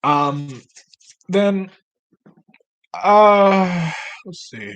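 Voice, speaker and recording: A man's voice: high voice, animated, very slow, a bit bright. A man ranting casually, rambling and sarcastic, with plenty of swearing. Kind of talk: casual rant.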